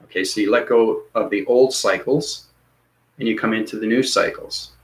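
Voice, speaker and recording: A spiritual teacher speaks in a lowish voice at a moderate pace, earnestly rambling about spiritual ascension and often repeating himself. It's an unscripted spiritual talk on a rough recording.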